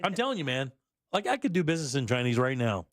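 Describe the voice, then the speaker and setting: A man's voice: mid-range voice, fast talker, no echo, clean studio sound. A man hosting a radio talk show, chatting casually with jokes and frequent laughter. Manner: animated, laughs often, jokey.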